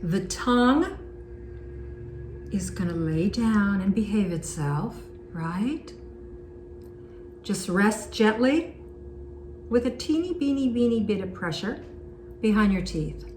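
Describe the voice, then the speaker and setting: Speaking slowly with long pauses, a woman with an expressive, darkish mid-range voice coaches singing in a warm, conversational way. She breaks off to sing vowel demonstrations, recorded in an echoey room with faint noise behind her.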